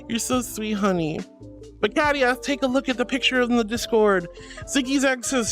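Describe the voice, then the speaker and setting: A woman streamer chats casually with her audience, bubbly and affectionate as she reads messages aloud. Her pitch swoops up and down freely, and faint music plays underneath. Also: expressive, moderate pace. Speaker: streamer reading chat. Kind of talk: casual live-stream chat.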